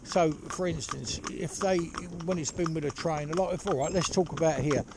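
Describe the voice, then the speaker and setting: A horse trainer talking casually outdoors while driving a pony cart, rambling and chatty with lots of "you know". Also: male voice, fairly high pitch, moderate pace. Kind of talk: casual spoken instruction while driving ponies. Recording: loud hoof clatter and outdoor noise.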